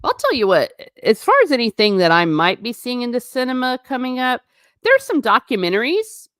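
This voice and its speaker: A woman hosting a casual livestream, reading out viewer comments and answering them in an animated, sarcastic way with blunt asides. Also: on the high side, fairly quick, no room sound, studio quality. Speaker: host.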